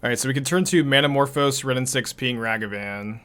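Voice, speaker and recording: A man's voice: mid-range voice, fairly quick, fairly bright tone, clean tone. A young man casually commenting on a card game as he plays, thinking aloud and laughing often.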